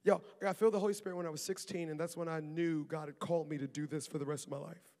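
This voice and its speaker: A man preaching a sermon as pastor, lively and talkative, with asides to the congregation and laughter. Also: on the high side, rapid-fire, big-room sound. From Maryland. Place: church auditorium.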